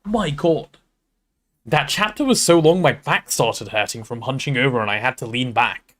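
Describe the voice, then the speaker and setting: A man streaming, reading a novel aloud and then chatting casually, animated and swearing freely. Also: mid-range voice, normal speed.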